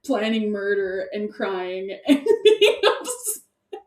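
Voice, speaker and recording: A woman chatting casually as a podcast co-host, rambling and excitable, laughing often and stacking fillers. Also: medium pitch, slow. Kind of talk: casual chat. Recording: echoey room, distant mic.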